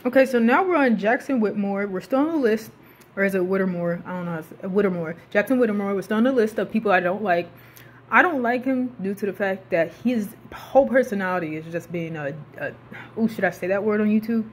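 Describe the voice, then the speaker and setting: A young woman talks through a show review in a loose, animated rant. She swears freely and sounds exasperated. Her voice sits at an ordinary middle pitch. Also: brisk, a little hiss or hum. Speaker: YouTube reviewer.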